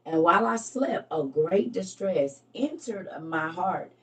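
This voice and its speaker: A woman's voice: fairly low pitch, expressive, a little slow, distant mic. A woman hosting a live stream, casually reading scripture aloud and talking it over with her viewers, laughing at her own slips.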